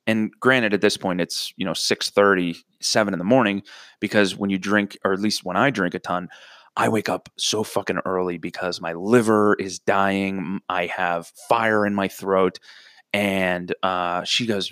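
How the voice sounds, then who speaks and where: A man's voice: low-pitched, steady tone, moderate pace, a bit bright, dry recording, clean studio sound. A young man telling a profane, rambling comic story with self-mocking asides. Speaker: comedic storyteller. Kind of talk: crude comedic storytelling.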